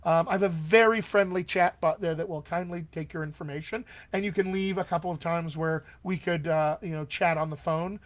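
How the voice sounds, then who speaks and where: A man with a voice pitched a little above the usual answers viewer questions as a dialect coach in a live online Q&A. He sounds upbeat and encouraging and keeps checking in with his listeners as he explains. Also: fairly even intonation, a little fast, hardly any pauses. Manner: upbeat and encouraging, often checks in with "all right?".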